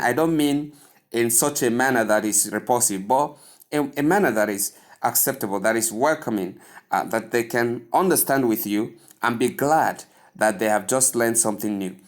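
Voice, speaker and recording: A man from Nigeria teaches English pronunciation at a very unhurried pace. He says each word several times over as he drills it, and he earnestly urges his listeners on. His voice sits at an ordinary middle pitch. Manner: earnest and gently urging. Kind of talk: slow instructional lesson over slides.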